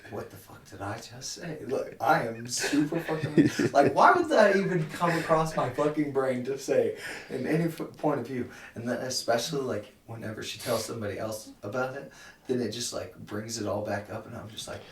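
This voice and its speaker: A man's voice: medium pitch, animated, brisk. Young guy on a roomy distant mic. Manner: self-deprecating, swears a lot. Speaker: podcast guest. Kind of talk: casual chat.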